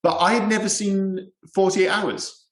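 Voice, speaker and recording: A man co-hosting a casual film podcast, animated and quick to swear and laugh. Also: high voice. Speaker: podcast co-host. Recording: roomy echo.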